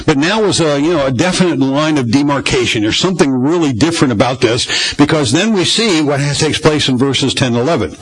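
A man's voice: fairly high pitch, animated, brisk, few pauses, husky, poor audio. A pastor preaching a conversational Bible-study sermon in a folksy way, often asking his congregation questions.

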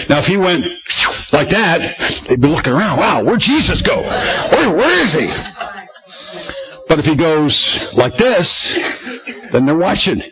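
A man's voice: on the high side, fairly bright tone, low-quality recording. A pastor preaching a conversational Bible-study sermon in a folksy way, often asking his congregation questions.

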